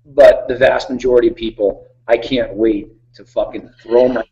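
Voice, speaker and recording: A man's voice: medium pitch, steady tone, moderate pace, mellow, faint music behind. A laid-back man in his thirties with a mid-range voice, rambling casually and swearing as he chats in an interview. The sound is dull and lo-fi. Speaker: reality show contestant guest.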